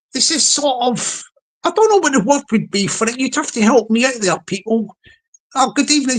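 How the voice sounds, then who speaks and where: A woman's voice: a little high, a bit bright, rough recording. A woman chatting casually on a live stream, rambling playfully and greeting viewers by name.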